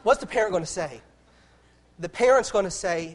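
A man's voice: high-pitched, expressive, moderate pace. A man preaching a sermon in an impassioned way, repeating phrases and restarting lines as he builds.

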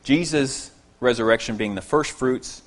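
A man delivering an expository sermon with an ordinary mid-range voice. He is earnest and emphatic, pressing hard on key phrases, repeating them, and then dropping to quieter asides. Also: medium pitch, measured pace. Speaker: preacher.

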